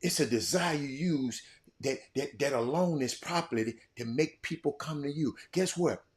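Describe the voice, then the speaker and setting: An older man giving an impassioned monologue as a show host, repeating himself and swinging between loud outbursts and quiet, reflective stretches. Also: on the high side, normal speed. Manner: fiery, repetitive, swinging from shouting to quiet.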